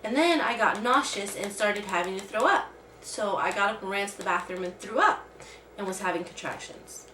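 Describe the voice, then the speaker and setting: A woman's voice: medium pitch, normal speed, sharp tone, slight background noise. A woman vlogger telling a personal story in casual, rambling talk full of "like". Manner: rambling, heavy use of "like". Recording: roomy sound from a distant mic.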